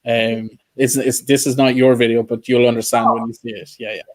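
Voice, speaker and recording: A man's voice: mid-range voice, little pitch movement, fairly quick. Male podcast host. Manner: rambling, full of restarts and fillers. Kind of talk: casual interview.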